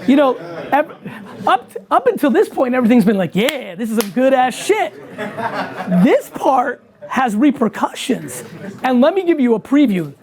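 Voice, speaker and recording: A man's voice: extremely high pitch, very animated, normal speed, crowd noise. A man in casual conversation, talking bluntly and emphatically with lots of swearing. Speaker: guest entrepreneur.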